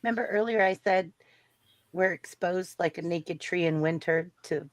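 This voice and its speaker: A woman hosting a casual panel chat who gently encourages people and hands out turns. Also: on the low side, moderate pace, dry recording. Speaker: host.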